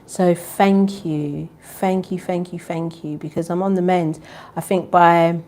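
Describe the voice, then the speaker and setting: A woman hosting her own spiritual channel. She chats casually with viewers and leads a spoken prayer, keeping her voice soft and low. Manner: deliberately soft, low-volume talk; chatty and animated, with bursts of laughter. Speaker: spiritual channel host and tarot reader.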